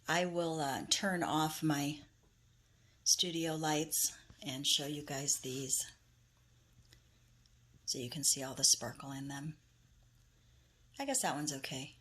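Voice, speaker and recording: A woman's voice: low voice, fairly even intonation, takes it slowly, pauses often, a bit bright. A woman hosting a casual crafting tutorial, chatting enthusiastically while she works in her home studio. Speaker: craft video host.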